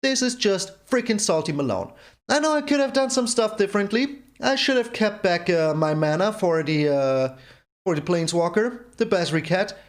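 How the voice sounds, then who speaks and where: A man's voice: high voice, expressive, moderate pace. A man hosting his own gameplay channel, commenting on a card game in an exasperated rant that keeps repeating itself. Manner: exasperated ranting, repeats himself. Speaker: channel host.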